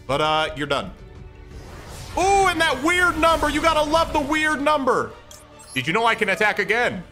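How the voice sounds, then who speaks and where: A man streaming a game, excitable and trash-talking with loud outbursts. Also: sits high, moderate pace, pauses often. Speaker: gaming streamer. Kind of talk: gameplay commentary. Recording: loud game music behind.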